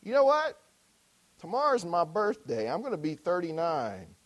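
A man's voice: a little high, big pitch swings, moderate pace. A preacher voicing a lonely woman who is turning thirty-nine, talking in a hurt, defensive way. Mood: wistful. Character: lonely woman of 39 sighing over her birthday.

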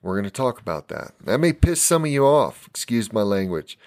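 A man's voice: medium pitch, sing-song, a little fast, a little mellow, no room sound, studio quality. An American man preaching a fiery live-stream sermon for his podcast, emphatic and tired. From United States.

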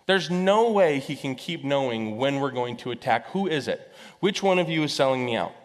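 A man's voice: medium pitch, lively intonation, moderate pace, natural voice. A man voicing a suspicious enemy king in a sermon story, demanding to know who betrayed him. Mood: accusing. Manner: accusing, demanding. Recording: echoey hall reverb.

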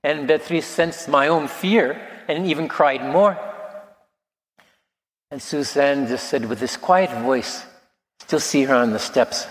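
A man around sixty, a priest, preaching a sermon in a gentle, reflective storytelling manner. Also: medium pitch, a little slow, long pauses. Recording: long reverb of a large hall.

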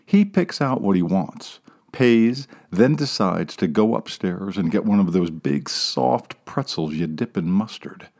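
A man reading a story aloud as narrator, wry and sardonic, dropping into hushed asides. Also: sits low, expressive, a little slow, creaky. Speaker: audiobook narrator. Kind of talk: scripted narration.

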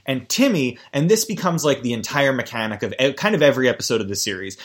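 A man's voice: medium pitch, lively intonation, fast. A man hosting a podcast and giving casual, comedic commentary that rambles, swears and keeps interrupting itself. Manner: rambling, profane, self-interrupting.

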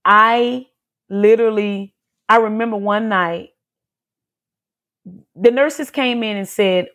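A woman's voice: mid-range voice, takes it slowly, long pauses, fairly bright tone. A woman giving an emotional personal testimony as an interview guest, talking earnestly and repeating herself as she tells her story.

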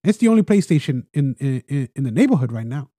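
A man's voice: mid-range voice, sing-song, fast talker, mellow, dry recording, studio quality, pitched below the performer's own voice. A man voicing a sly male merchant who brushes off a customer's complaint. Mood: dismissive. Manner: offhand, excuse-making.

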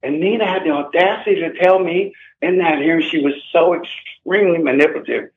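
An interview guest in his sixties tells his personal story with agitation and emphasis, going over the same points again. He speaks fairly quickly in a voice that's a little high, and the phone line sounds tinny with echo.

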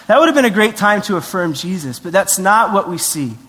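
A high-voiced man preaching with lively, conversational energy, slipping into acted-out voices and quick asides. His voice rings out in a large hall with a long reverb tail. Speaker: pastor. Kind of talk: sermon.

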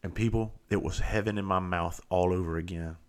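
Speaking a little fast in a deep, clean voice, a man vlogs a casual monologue. He's in his forties with a Southern US accent, from the Southern United States, and his story is profane, animated, rambling and full of self-interruptions.

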